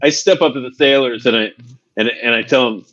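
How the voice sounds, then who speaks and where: A male player at a tabletop game, joking along in a casual, easygoing way. His voice sits mid-pitch, and the audio is dull and lo-fi. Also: brisk, fairly bright tone.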